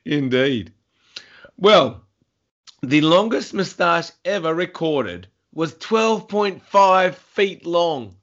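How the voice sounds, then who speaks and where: Male host, slightly high voice, slow and deliberate, dull lo-fi sound, playful teasing. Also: animated, a bit bright. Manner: teasing, giggles at own facts. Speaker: podcast host. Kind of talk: casual chat.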